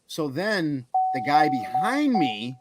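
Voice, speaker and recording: A man casually telling a story to friends in a profane, self-deprecating way, with loud outbursts. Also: on the high side, big pitch swings, slow pace, heavy background noise.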